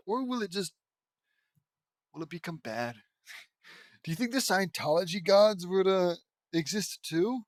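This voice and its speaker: A man's voice: on the high side, dry recording. A man reading fan fiction aloud and stopping often for sarcastic, exasperated asides, with some swearing. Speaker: audiobook reader.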